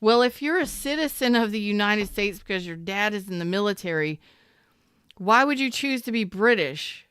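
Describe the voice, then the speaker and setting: A woman, a tarot reader and love coach, chatting casually and bluntly on a livestream with animated storytelling. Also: medium pitch, normal speed, clean tone, dry recording, clean studio sound.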